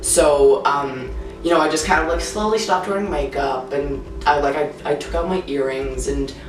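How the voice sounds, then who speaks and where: In a frank, informal interview, a teenager leans heavily on "like" while speaking at an ordinary pace in a mid-range voice. A distant mic gives the recording a roomy quality, and faint music plays.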